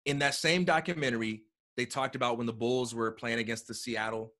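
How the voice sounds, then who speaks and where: A man talking as a guest in a casual conversation, animated and acting out quotes as he tells a story, heard over a video call. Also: mid-range voice, a little fast. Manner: animated storyteller, acts out quotes, repeats words.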